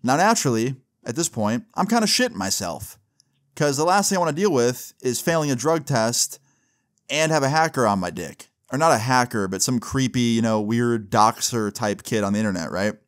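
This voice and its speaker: A man's voice: medium pitch, lively intonation, normal speed. A young man casually telling a personal story in a loose, profane way, often adding "like" and "right?" as he goes. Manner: loose and profane, with frequent "like" and "right?" tag questions.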